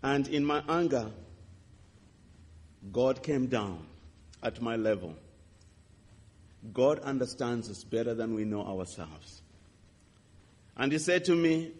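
A man preaching a sermon, telling a testimony with impassioned swings between loud and hushed delivery. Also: medium pitch, animated, takes it slowly, pauses often, husky. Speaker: pastor. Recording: reverberant hall.

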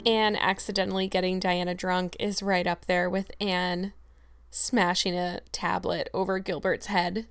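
A woman's voice: on the low side, flat delivery, measured pace, smooth, faint music behind. A woman narrating a classic novel and then sharing thoughtful, appreciative comments on the chapter. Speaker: audiobook reader and podcast host. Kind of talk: storybook narration and reflective commentary.

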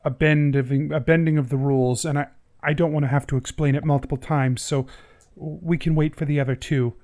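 A man's voice: on the high side, fairly even intonation, a little fast, a little mellow, natural voice. A man voicing an earnest, flustered woman who apologizes hesitantly in a tabletop game. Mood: apologetic.

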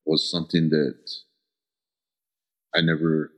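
A middle-aged man from the American Southwest telling personal stories as an interview guest, earnest and halting, often pausing to search for words. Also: extremely low pitch, level tone, fairly bright tone. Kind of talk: reflective personal storytelling. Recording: dull lo-fi recording.

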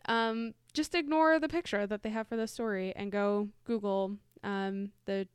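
A woman's voice: mid-range voice, fairly even intonation, normal speed, clear, resonant tone, no echo, clean studio sound. A woman co-hosting a casual podcast, reading ghost stories aloud in a chatty way, laughing easily and correcting herself. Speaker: podcast co-host.

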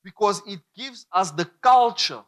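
Man, preacher, high voice, emphatic repetition, call-and-response. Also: lively intonation, measured pace, a bit bright. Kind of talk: sermon.

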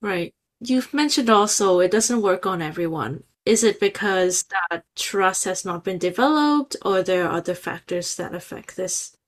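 A woman's voice: lowish voice, animated, a little slow. A woman hosting a podcast interview, giving short responses and follow-up questions. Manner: brief backchannel responses. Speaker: podcast host.

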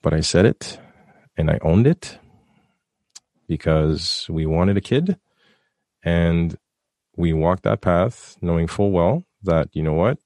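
A man with a very low, gravelly voice tells a personal story in a relaxed podcast chat. He is earnest and heartfelt, and he often stumbles and restarts his sentences as he goes. The sound is close and dry. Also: no room sound. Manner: earnest, rambling, with frequent restarts. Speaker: guest telling a personal story. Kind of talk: casual podcast conversation.

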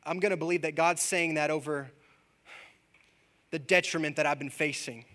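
A man preaching a sermon, dropping soft and low, then building to loud, rising peaks, and reading scripture slowly. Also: steady tone. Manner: reads scripture aloud slowly.

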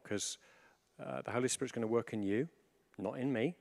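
Animated male preacher. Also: medium pitch, moderate pace, creaky. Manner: conversational, animated, many asides and restarts. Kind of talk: sermon.

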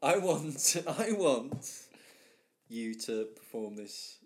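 A man's voice: medium pitch, sing-song, extremely slow, slight background noise. A man in a casual comedy chat with a mid-height voice that rises and falls dramatically. He teases his co-host and keeps the talk playful. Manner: teasing, bursts into shouted jokes. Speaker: podcast co-host.

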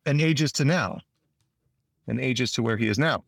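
With a creaky mid-range voice at a moderate pace and no echo, a male actor rambles casually through stories during an interview. He frequently restarts sentences and performs the lines he quotes in animated voices.

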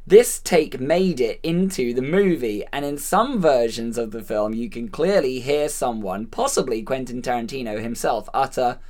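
Low-voiced, animated woman chatting. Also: moderate pace, few pauses. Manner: animated, reads out trivia, laughs a lot. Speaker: podcast co-host. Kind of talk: casual film chat.

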